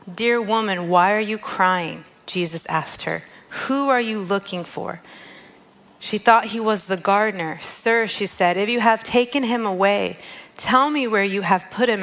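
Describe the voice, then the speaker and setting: In a low-quality recording, a woman leads a devotional teaching, speaking warmly and conversationally and reading passages from scripture. Her pitch is medium and her tone fairly bright.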